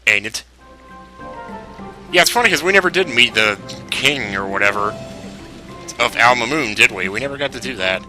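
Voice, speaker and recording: A man's voice: mid-range voice, lively intonation, moderate pace, long pauses, music in the background. A man commentating on a video game as he plays, joking and rambling. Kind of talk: let's play commentary.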